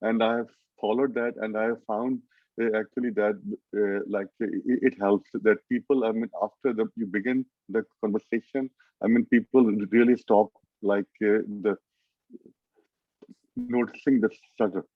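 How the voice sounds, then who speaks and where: A man's voice: fairly low pitch, fairly even intonation, normal speed, no room sound. Man with a mild stutter, tinny call audio. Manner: mild stutter with restarts and fillers. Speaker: panelist. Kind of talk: online panel story.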